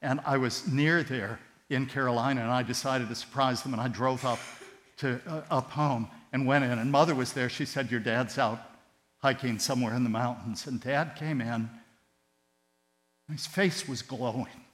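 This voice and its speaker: Man preaching a fired-up sermon, gets loud then goes soft, long echo off the hall, low mains hum. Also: steady tone, moderate pace. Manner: impassioned, swinging between loud emphatic rises and hushed tender drops.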